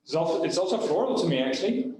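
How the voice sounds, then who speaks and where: Man cupping coffee, slightly high voice, relaxed with fillers, very echoey room. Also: rapid-fire. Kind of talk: live online coffee cupping chat. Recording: echoey room with faint noise.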